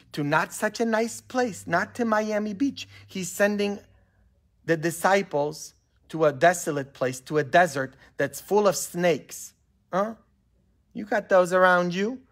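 A man, a pastor leading a Bible study in a church, preaching with animated rhetorical questions and a constant "huh?". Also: a little high. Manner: animated, asks the group questions and keeps tagging "huh?".

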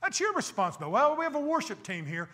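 A man's voice: extremely high pitch, big pitch swings, rapid-fire, pushed and bright. A man preaching a sermon as pastor, emphatic and full of rhetorical questions, with wry, teasing asides.

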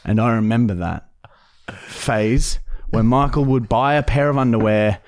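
A man's voice: medium pitch, measured pace, darkish tone. A young Australian man, a podcast co-host, bantering crudely and swearing heavily in casual chat.

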